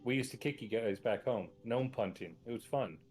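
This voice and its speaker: A man's voice: medium pitch, normal speed, darkish tone, soft background music. A man playing in a tabletop game, making dry wisecracks. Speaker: player. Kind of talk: casual tabletop game chat.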